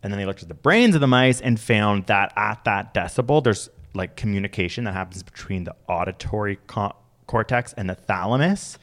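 A man's voice: fairly low pitch, brisk, fairly bright tone. Chatty man explaining science. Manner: rambling, filler-heavy explaining. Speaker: podcast co-host. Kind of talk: casual chat.

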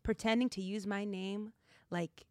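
A woman's voice: medium pitch, fairly even intonation, measured pace, a little mellow, no room sound, clean studio sound. A young woman hosting a podcast, chatty and giggly, filling her talk with "like". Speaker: podcast host. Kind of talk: casual chat.

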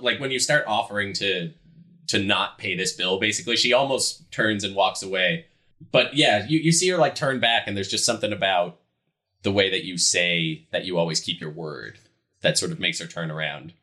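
A man narrating as game master of a tabletop game in a casual, animated way. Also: on the low side, moderate pace.

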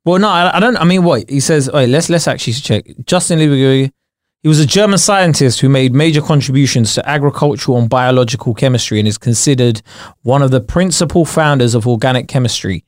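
A man's voice: mid-range voice, a little fast, dry recording, clean studio sound. A man co-hosting a casual podcast, bantering with playful mock outrage and laughing often. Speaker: podcast co-host.

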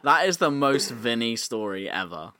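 A man's voice: mid-range voice, sing-song, moderate pace, background noise. A man co-hosting a podcast, chatting casually in a teasing, laughing way. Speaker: podcast co-host. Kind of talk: casual chat.

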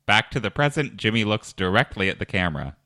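A man hosting a comedy podcast, reading stage directions in a lively, upbeat way in a comedic script read-through. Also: fairly low pitch, quick pace, no echo, studio quality.

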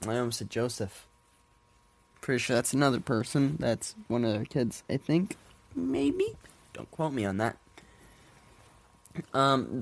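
Slow-talking man with a stuffy nose. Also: medium pitch. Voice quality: congested, nasal. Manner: rambling, laughs often, swears offhandedly. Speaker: podcast host. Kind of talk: solo casual podcast talk. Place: at home with his cats.

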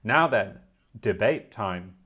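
A man's voice: fairly low pitch, expressive, takes it slowly, sharp tone, slightly rough. Young guy cohosting a podcast, reads out news bits and cracks dry little jokes, easygoing. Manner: wry asides, chatty and playful. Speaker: podcast co-host. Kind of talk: casual chat and reading news aloud.

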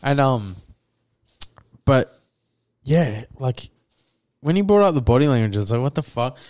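A man's voice: mid-range voice, big pitch swings, measured pace, darkish tone. A young man, co-hosting a podcast and telling a rambling story full of "like" and acted-out quotes. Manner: rambling storyteller, lots of "like" and restarts, acts out quotes. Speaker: podcast co-host. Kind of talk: casual chat, telling a story.

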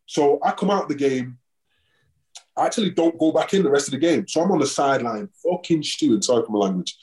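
Guy on a podcast telling a football story, acts out the back and forth, voice sits a bit high. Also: quick pace. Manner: animated storyteller, acts out quoted exchanges. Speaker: podcast guest, former football player. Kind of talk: casual chat, storytelling.

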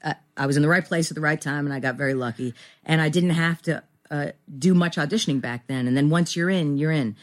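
A woman's voice: low-pitched, fast. Rambling, self-deprecating middle-aged woman. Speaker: actor guest. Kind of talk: candid interview chat.

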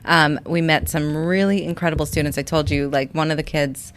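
Gossipy woman with a lowish voice. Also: steady tone, brisk, a little hiss or hum. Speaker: podcast co-host. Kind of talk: casual chat.

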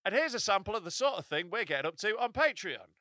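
A man co-hosting a comedy podcast, bantering in a joking way with quick asides. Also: high-pitched, big pitch swings, noisy background. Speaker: podcast co-host.

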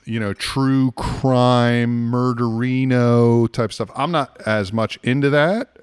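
A man's voice: medium pitch, steady tone, slow, clear, resonant tone. A man co-hosting a podcast, chatting casually and rambling through recommendations with lots of restarts. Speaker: podcast co-host. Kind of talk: casual chat.

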